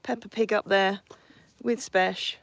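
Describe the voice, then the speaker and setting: A woman's voice: mid-range voice, steady tone, slow pace, gravelly, no room sound. Woman chatting on horseback. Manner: chatty, coos and scolds the horses between comments. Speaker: horse sanctuary owner streaming live. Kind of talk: casual live stream chat, reading viewer comments. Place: outdoors, in a field on horseback.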